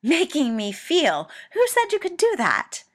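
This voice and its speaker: A woman voicing a blunt, hot-tempered young man who shouts high and loud in a dramatic reading of a story. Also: big pitch swings, measured pace. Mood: furious.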